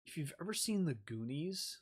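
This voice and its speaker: A man's voice: on the high side, sing-song, moderate pace, husky. A man talking in a rambling casual chat as a streamer, swearing freely and using lots of fillers.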